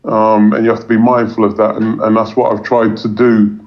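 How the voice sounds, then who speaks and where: A man talks in a casual interview, his voice level and steady with little rise or fall. He rambles, stumbling over repeated words and fillers. The recording sounds dull and lo-fi. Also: on the low side, moderate pace. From England. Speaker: cricket commentator guest.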